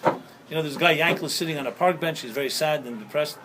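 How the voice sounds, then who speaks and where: Brief: male rabbi, sermon with anecdotes and rhetorical questions, a touch higher in pitch, faint background noise. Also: quick pace, bright, forceful tone, poor audio. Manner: storytelling with jokes and rhetorical questions. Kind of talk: sermon-style talk. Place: outdoors at sunset.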